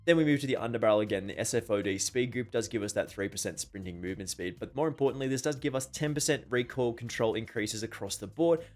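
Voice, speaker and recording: A man hosting a gaming channel, giving a brisk voice-over guide to weapon loadouts and often repeating stock phrases. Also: medium pitch, soft background music. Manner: brisk, repeats filler phrases like "just keep that in mind".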